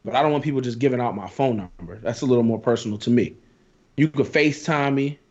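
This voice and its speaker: A man's voice: mid-range voice, fast talker, a little mellow. Blunt, profane male podcast host. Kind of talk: casual chat. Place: at home. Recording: slightly dull lo-fi sound.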